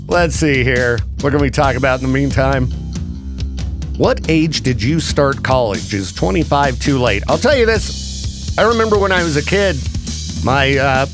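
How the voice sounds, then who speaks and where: A man hosting a morning radio show, chatting casually and joking with frequent laughs. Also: medium pitch. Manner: animated, joking, laughs often. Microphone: studio microphone.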